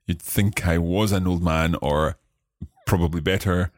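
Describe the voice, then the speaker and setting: A man co-hosting a French lesson podcast, explaining phrases slowly and patiently, often chuckling. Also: sits low, fairly even intonation, no echo, studio quality. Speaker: co-host of a French learning podcast. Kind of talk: relaxed teaching chat.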